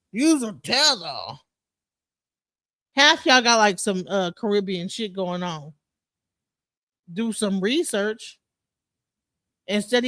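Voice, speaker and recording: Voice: medium pitch, pushed and bright, no echo. A livestream host from Detroit ranting in a heated, profane, emphatic way, often trailing off, restarting and repeating words. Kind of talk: casual livestream rant.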